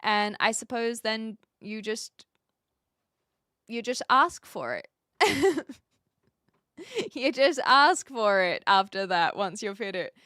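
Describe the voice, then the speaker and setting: Young adult woman, New Zealand accent, casual streamer chat, crisp and clear voice. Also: fairly high pitch, animated, sharp tone, no room sound, studio quality. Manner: chatty, reads chat aloud, frequent fillers and quick laughs.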